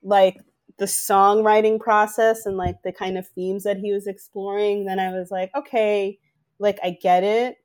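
Woman, casual podcast chat, rambling, filler-heavy, animated. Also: medium pitch, moderate pace. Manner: animated, speaks in loose, rambling phrases with constant fillers.

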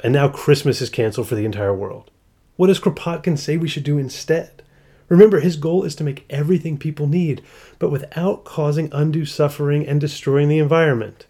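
A man's voice: medium pitch, fairly quick, dark tone. A man hosting a podcast, reading passages aloud and commenting with sarcastic, jokey asides. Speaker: podcast host. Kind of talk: podcast monologue with read-aloud quotations.

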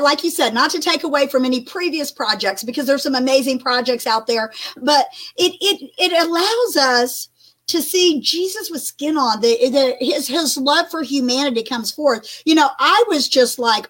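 An older woman co-hosting a Christian broadcast, talking in an animated, emphatic way with many restarts. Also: high voice. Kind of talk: casual faith talk chat.

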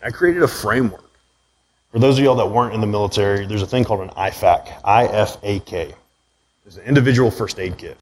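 A man's voice: lowish voice, brisk, a little hiss or hum, poor audio. Candid man telling his story to a room. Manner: candid, conversational, keeps asking "right?". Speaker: speaker giving a talk. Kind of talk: personal story talk to a live audience. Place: room with an audience.

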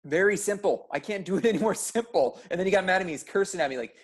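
A young man talking in a casual podcast chat, blunt and high-energy. He swears freely and speaks in an intense rush about his medical practice. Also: expressive, quick pace, hardly any pauses.

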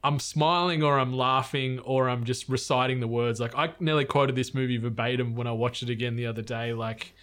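A man's voice: mid-range voice, a little fast, few pauses. A man co-hosting a podcast, chatting casually and loosely, often restarting his words. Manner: relaxed, hesitant, restarts words. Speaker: podcast co-host. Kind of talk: casual movie chat.

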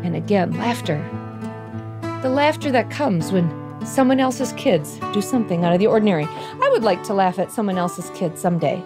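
A woman giving a Christmas devotional, telling a family story in an expressive storytelling way and slowing down for emphasis. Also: medium pitch, music in the background.

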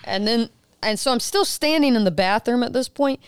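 A middle-aged woman on a podcast tells a story in a smooth, clear voice, recorded close and dry. She acts out the people she quotes with a jump up in pitch. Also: moderate pace, dry recording. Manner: animated retelling, quoting others with rising pitch. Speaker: podcast co-host. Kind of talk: casual storytelling chat.

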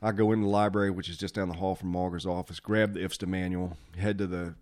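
A man hosting a podcast, a former fire officer telling old station stories in a lively way, acting out the quotes and laughing often. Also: deep voice, fast. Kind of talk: casual storytelling chat.

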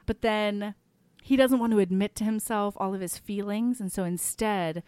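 A woman co-hosting a casual podcast, recapping a romance novel with profanity and quick acted-out asides. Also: mid-range voice, smooth, no room sound. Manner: animated, profane, acts out characters in quick asides. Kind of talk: casual chat.

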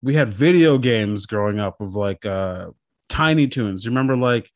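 A man co-hosting a casual podcast chat, animated and profane, often slipping into quoted voices. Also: lowish voice, normal speed, dry recording. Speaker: podcast co-host.

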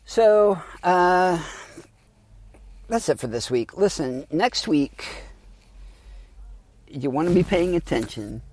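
A man's voice: fairly high pitch, animated, slow pace, long pauses, darkish tone. A man hosting a solo podcast in a sardonic, rambling, casual way, swearing freely, recorded on a phone in a parked car. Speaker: podcast host. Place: back seat of a parked car.

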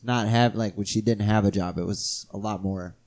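Mellow-voiced joking co-host. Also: male voice, on the low side, steady tone, moderate pace. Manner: loose, swearing, joking. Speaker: podcast co-host. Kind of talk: casual podcast chat.

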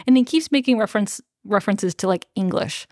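A woman's voice: mid-range voice, a little fast, darkish tone, no room sound, clean studio sound. Chatty woman recapping a book. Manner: chatty, swears freely, acts out characters' lines. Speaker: podcast co-host. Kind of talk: casual book-discussion chat.

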